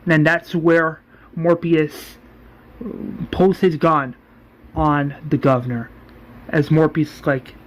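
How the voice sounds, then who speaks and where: A man's voice: a little high, level tone, slow, long pauses, slight background noise. A man casually recapping an episode, rambling and acting out the characters as he goes. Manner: rambling, restarts, acts out characters. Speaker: fan series creator.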